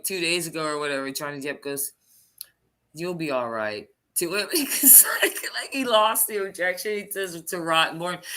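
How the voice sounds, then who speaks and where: A woman chats casually on a live stream and hops from one thing to the next. Her voice is low-pitched but bright and sharp. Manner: chatty, jumps between topics. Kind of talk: casual chat.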